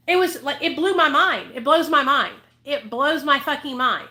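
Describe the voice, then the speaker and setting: A woman with a high, bright voice vents to her viewers in a heated vlog rant. She swears freely and repeats herself for emphasis, speaking as someone who helps people in recovery. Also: lively intonation, a little fast, few pauses. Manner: angry, profane, emphatic, repeats points. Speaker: recovery advocate vlogger.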